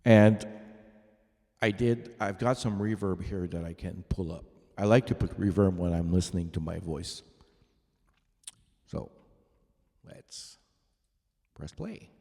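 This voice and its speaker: In a casual gear demo to camera, a man in his fifties who drums tries out vocal mics in his home studio, thinking aloud and correcting himself. He speaks slowly with frequent pauses, his low voice gravelly yet warm. He's recorded close on a studio vocal microphone.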